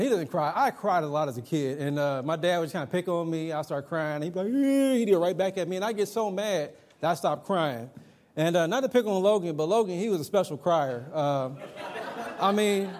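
A middle-aged man delivers a sermon to a young congregation in a notably high voice. He keeps it conversational, mixing emphatic points with personal anecdotes. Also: darkish tone. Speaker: preacher.

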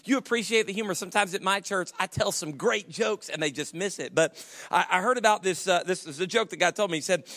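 Male preacher, high and bright-toned, folksy and joking, stumbling through restarts mid-sermon. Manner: stammering restarts, folksy humor. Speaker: pastor.

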